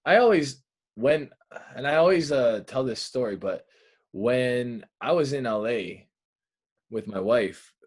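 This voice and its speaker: A young Canadian man with a Canadian accent, hosting a podcast in an animated, storytelling chat. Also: mid-range voice, measured pace, breathy edge. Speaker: podcast host. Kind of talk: casual chat.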